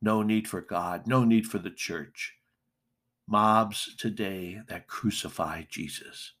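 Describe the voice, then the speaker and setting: A middle-aged male pastor preaching a sermon, slow and deliberate with emphatic pauses. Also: on the low side, fairly bright tone.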